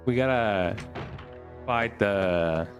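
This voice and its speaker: Streamer: young man, low voice, loose rambling game chat, faint music behind. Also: very slow. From Mexico. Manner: rambling, with frequent "eh?" tags. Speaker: gaming streamer. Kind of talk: casual gameplay commentary.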